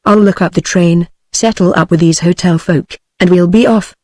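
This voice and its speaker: A woman's voice: on the low side, moderate pace, no room sound, close to an everyday voice. Synthetic British woman reading a grim practical man. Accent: British English. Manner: flat synthetic reading of dialogue.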